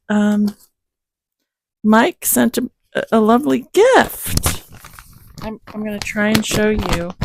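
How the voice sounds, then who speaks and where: A woman who hosts a Bible-reading channel chats casually at home with her cats, rambling and tossing in self-deprecating asides. Her mid-range voice is creaky and a little mellow.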